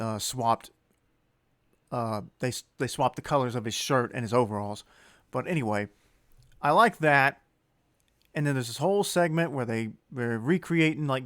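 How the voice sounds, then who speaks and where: A man's voice: mid-range voice, no room sound, studio quality. Rambling man, fillers and restarts. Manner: rambling, with many fillers and self-corrections; chuckles as he talks. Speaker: movie reviewer. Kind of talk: casual spoken review.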